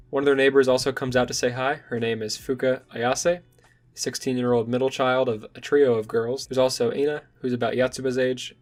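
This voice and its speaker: A young man recapping and recommending a manga in a casual, enthusiastic vlog. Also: medium pitch. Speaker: manga reviewer.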